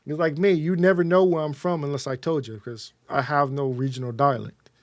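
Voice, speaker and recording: A man's voice: a little high, fairly even intonation, fairly quick, no room sound. A man from Texas chatting casually on a livestream, rambling with many fillers and repeated words.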